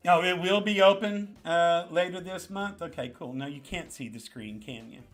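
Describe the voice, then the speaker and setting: A man's voice: a little high, moderate pace, soft background music. A man with a New York accent hosting a casual live chat, greeting viewers by name and repeating points for emphasis. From the Bronx. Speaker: livestream host.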